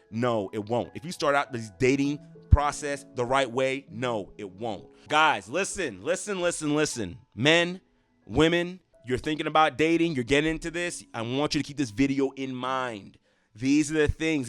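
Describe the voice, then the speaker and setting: A relationship coach speaks straight to camera in a medium-pitched, slightly bright voice, giving a motivational talk. His advice is earnest and emphatic, and he repeats himself for stress.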